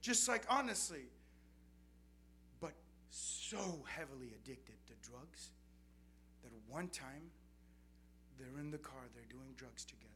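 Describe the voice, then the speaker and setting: A man's voice: mid-range voice, slow pace. A young adult man preaching a sermon, telling testimonies in an earnest storytelling way. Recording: noisy recording with steady background noise.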